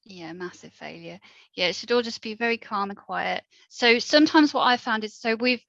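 A woman co-hosting a podcast, giving relaxed advice in casual chat, often trailing off quietly. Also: on the high side, normal speed, creaky, no room sound. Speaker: podcast co-host, dog owner. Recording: dull, dry, lo-fi sound.

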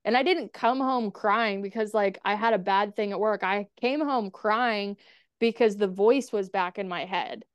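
A woman speaks with a smooth, clear voice that sits at an ordinary middle pitch. She tells her own story candidly, swears bluntly and scatters "like" throughout. The sound is close and dry, with no room around it. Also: measured pace, no echo. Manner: frank, swears freely, many "like" fillers. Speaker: podcast guest.

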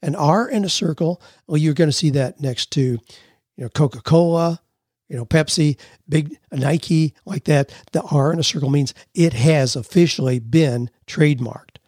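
Husky-voiced folksy male radio host. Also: on the high side, moderate pace, a little mellow, dry recording, clean studio sound. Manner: folksy, explains with everyday examples; reads listener letters aloud. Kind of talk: conversational radio advice talk.

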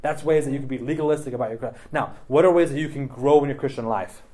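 A man's voice: medium pitch, fast talker, dark tone, a little hiss or hum. A man leading a casual Bible study discussion, talking loosely with lots of "like" and "right?" tags. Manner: chatty, many "like" and "right?" tags.

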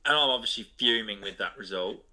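A man's voice: on the low side, brisk, sharp tone, rough recording. A man co-hosting a podcast in casual chat, telling rambling anecdotes. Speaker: podcast co-host.

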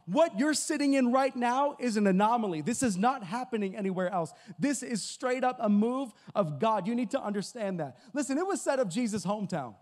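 A man's voice: very high-pitched, expressive, fairly quick, few pauses, a little mellow, in a large hall. A man preaching a sermon as guest preacher, energetically exhorting the congregation. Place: church sanctuary.

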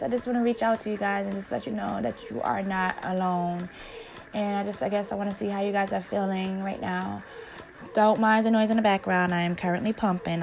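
A woman hosting her own podcast, speaking as a mother of a newborn in intensive care, delivering a personal late-night rant at her workplace in a halting, emotional, rambling way with many restarts. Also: medium pitch, creaky, darkish tone, slight background noise, low-quality recording. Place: at her workplace while pumping.

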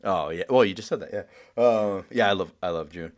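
A man with a fairly low voice hosts a casual podcast chat. He rambles, circling his point with fillers and restarts. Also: moderate pace. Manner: rambling, full of likes and restarts.

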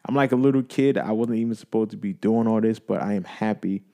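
A man hosting a casual sports podcast, talking in an animated, playful, hyped-up way. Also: fairly low pitch, fairly quick. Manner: animated, hype, playful banter. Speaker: podcast host.

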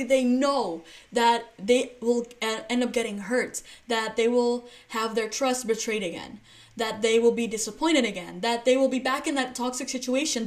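A woman hosting a solo podcast, talking casually and explaining through playful everyday examples, with frequent restarts and fillers. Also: fairly high pitch. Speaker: podcast host.

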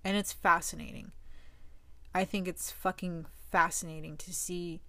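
A woman's voice: lowish voice, steady tone, unhurried, sharp tone, dry recording. A young woman talking to her own camera in a candid personal monologue, casual and slangy, swearing a lot for emphasis. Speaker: vlogger.

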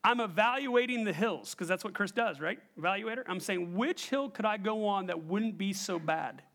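A man preaching a sermon, telling a personal story in an animated way and quizzing the congregation. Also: high voice, normal speed. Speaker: pastor.

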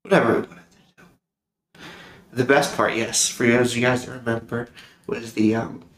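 A young man hosting his own podcast, giving an emotional, heartfelt monologue with halting pauses and restarts. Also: mid-range voice, flat delivery, fairly bright tone. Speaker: podcast host. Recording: roomy echo.

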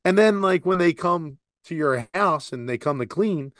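A man's voice: on the high side, expressive, moderate pace, no room sound, clean studio sound. Rambling, profane man in his forties. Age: 40s. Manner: rambling, laughing, profane storytelling. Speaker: podcast co-host. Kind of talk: casual chat.

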